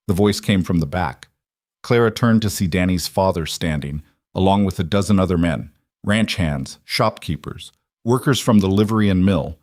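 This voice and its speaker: A male narrator reading a dramatic scripted story in a measured way. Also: low-pitched, darkish tone, no room sound, studio quality.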